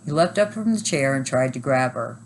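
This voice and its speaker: A woman teacher reading a chapter book aloud at a steady, even pace. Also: rumbling low, a little fast, slight background noise, low-quality recording.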